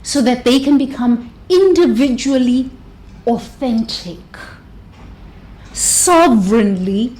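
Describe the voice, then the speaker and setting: Brief: woman, higher pitch, motivational monologue, animated and emphatic. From South Africa. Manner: expressive, laughs often, drawn-out emphatic words. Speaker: speaker giving a talk.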